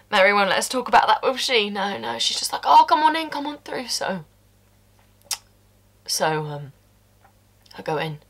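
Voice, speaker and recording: A woman's voice: medium pitch, sing-song, unhurried, pauses often, a bit bright. An actress performing a stage monologue as a blunt, working-class woman who confesses to a killing, swearing and dropping into whispers.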